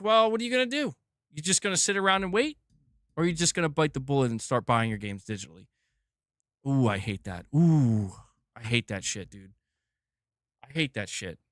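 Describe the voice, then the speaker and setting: A man's voice: on the high side, a bit bright, no echo, studio quality. A man hosting a gaming news stream, ranting casually and with exasperation, swearing and rambling.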